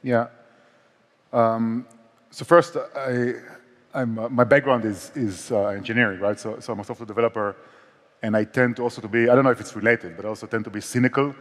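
A man's voice: medium pitch, fairly even intonation, brisk. A man with an Israeli accent, a startup founder speaking candidly on a conference stage, with frequent restarts. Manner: candid, self-deprecating, many restarts. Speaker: startup co-founder and CEO, guest. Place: conference stage in a large hall. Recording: long hall reverb.

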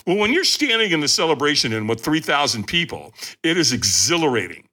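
A man who is a podcast guest, telling a story in an animated, emphatic way and often addressing his listeners directly. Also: on the high side, a little fast.

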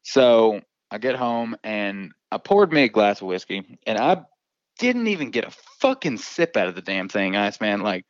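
Male storyteller, crude and animated, dull dry sound. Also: on the low side, moderate pace, no room sound. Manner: profane, drawling, laughs often. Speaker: volunteer firefighter telling a story. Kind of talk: casual storytelling.

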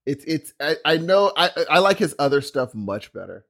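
Husky, lively-voiced man hosting a podcast. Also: a little high, normal speed. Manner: enthusiastic, encouraging. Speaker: podcast host. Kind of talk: casual chat.

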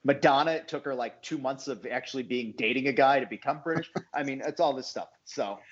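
A man's voice: medium pitch, brisk. Man, American, interview guest, jokey, self-deprecating, dull recording. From USA. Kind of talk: casual interview.

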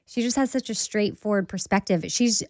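A woman co-hosting a podcast in casual, animated chat, laughing often. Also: medium pitch, fairly quick, no echo, studio quality. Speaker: podcast co-host.

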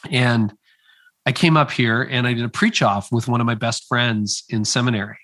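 A middle-aged man, a former pastor, telling his story in conversation, slowing down to stress the key moments. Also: medium pitch, fairly even intonation, fairly bright tone. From Canada. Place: at his home area, speaking remotely.

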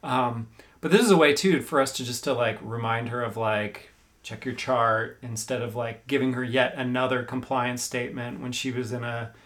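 A man's voice: medium pitch, steady tone, moderate pace, fairly bright tone. A man talking on a podcast in a hesitant way, full of fillers. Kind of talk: casual podcast chat.

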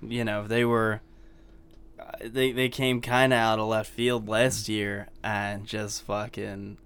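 A man's voice: on the low side, little pitch movement, slow pace, a bit bright, smooth. A man co-hosting a podcast in casual chat, stammering on his first words and swearing for emphasis.

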